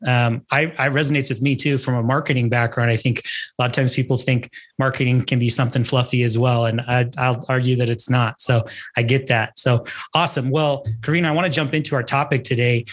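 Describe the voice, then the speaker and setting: A man's voice: mid-range voice, fairly even intonation, brisk. A man hosting a podcast interview, friendly and encouraging, asking questions in a casual way. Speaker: podcast host.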